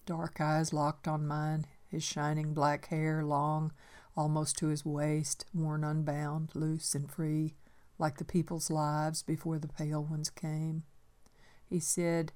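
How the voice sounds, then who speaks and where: An older woman gently reading her own memoir aloud in a reflective storytelling manner. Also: low-pitched, monotone, slow.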